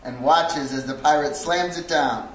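A man's voice: on the high side, a little slow, echoey room, rough recording. A man narrating a joke in a playful storytelling way.

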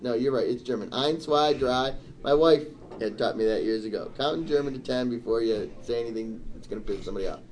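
A middle-aged man telling a story in casual chat, animated and turning indignant as he goes. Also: medium pitch, fast. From Michigan, USA. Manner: animated, rising to indignant outbursts. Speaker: storyteller on a talk show.

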